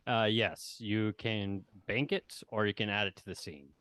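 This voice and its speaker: A man playing a tabletop game, casually explaining the rules and halting with restarts. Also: fairly low pitch, fairly bright tone, no room sound. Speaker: player.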